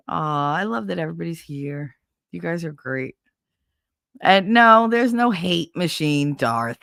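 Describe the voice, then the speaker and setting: A woman's voice: lowish voice, lively intonation, measured pace, vocal fry, a bit bright, dry recording, studio quality. A middle-aged woman hosting a casual livestream, telling a story with laughter, swearing and acted-out quotes. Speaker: livestream host. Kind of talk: casual storytelling chat with viewers.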